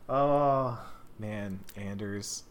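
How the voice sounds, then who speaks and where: A man co-hosting a casual gaming podcast, talking in an animated way, often laughing and slipping into mock voices for quotes. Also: lowish voice, extremely slow. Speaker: podcast co-host.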